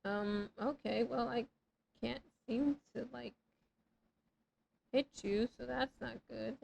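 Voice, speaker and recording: A woman's voice: a little high, fairly even intonation, takes it slowly, gravelly, darkish tone, a little hiss or hum, rough recording. Chatty woman streamer in her thirties. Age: 30s. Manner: rambling, swears freely, self-mocking banter with chat. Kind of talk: casual live gameplay chat.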